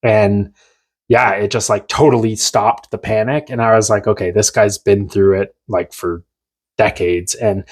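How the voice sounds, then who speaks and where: A man from Newfoundland talks through a story on a podcast, with a somewhat low voice. He rambles and restarts, animated and casual. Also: measured pace. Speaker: podcast guest.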